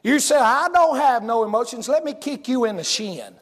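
A male preacher with a strikingly high-pitched voice. He tells homespun stories to his congregation in a folksy way and works up to loud hollering. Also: animated, moderate pace, in a large hall. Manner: folksy storytelling, rising to hollering. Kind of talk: sermon.

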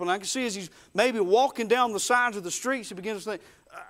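A man preaching a dramatic storytelling sermon, folksy, swinging from hushed murmurs to loud bursts. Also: high voice, fast talker.

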